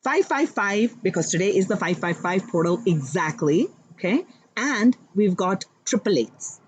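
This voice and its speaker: A woman giving a live tarot reading, speaking warmly and directly to her viewers with affirming spiritual encouragement. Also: mid-range voice, big pitch swings, measured pace, breathy edge, low-quality recording. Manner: chatty, addresses viewers directly. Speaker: tarot card reader.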